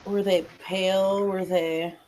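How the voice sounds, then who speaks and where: A woman with a mid-range voice speaks slowly and haltingly, trailing through filler sounds as she questions a witness and sums up clues during a tabletop game. A faint hiss runs underneath. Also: medium pitch, level tone, darkish tone, poor audio. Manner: hesitant, many fillers, questioning. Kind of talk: casual tabletop game play.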